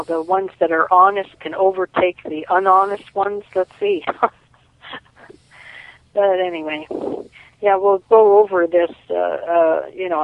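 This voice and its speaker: A woman's voice: fairly low pitch, no room sound. A woman calling in to an interview, telling stories in a rambling way with many restarts, over a tinny phone line. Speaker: caller and guest.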